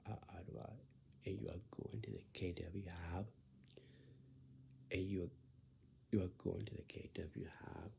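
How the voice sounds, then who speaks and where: A man with a deeply gravelly, creaky voice talks through a routine step by step in casual speech. He is very slow and keeps circling back to repeat himself, sometimes dropping to a whisper. His tone is dark and mellow, pitched a little low. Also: a little hiss or hum. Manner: repetitive, halting, drifts into whispers. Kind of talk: casual spoken explanation.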